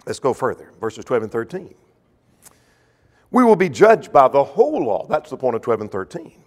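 A man preaching a sermon, emphatic, swinging between loud stressed points and soft drawn-out phrases. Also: a little high, big-room sound.

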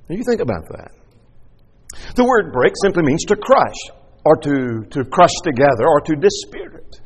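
A man's voice: on the high side, sing-song, moderate pace, breathy edge. A man preaching a sermon emphatically, asking rhetorical questions and repeating key lines. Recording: long hall reverb.

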